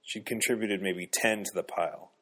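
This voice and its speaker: A man narrating a novel in measured, even storytelling. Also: lowish voice, slightly rough. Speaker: audiobook narrator. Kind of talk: scripted narration.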